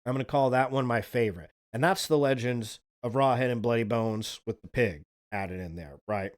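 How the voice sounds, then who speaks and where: A man hosting a livestream, telling spooky folk legends in a relaxed, chatty way and swearing casually. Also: mid-range voice, normal speed. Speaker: streamer, host.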